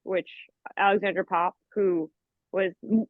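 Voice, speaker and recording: A woman breaks down a football match with knowledge and enthusiasm in an even, considered manner. She joins over a remote call, so the audio is thin and tinny, with a dry sound. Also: mid-range voice, measured pace, dry recording. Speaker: podcast co-host. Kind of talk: casual sports analysis.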